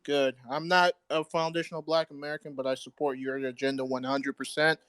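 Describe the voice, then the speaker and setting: A man from Ghana calling in, earnest and measured. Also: mid-range voice, flat delivery, fairly bright tone, dry recording. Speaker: caller.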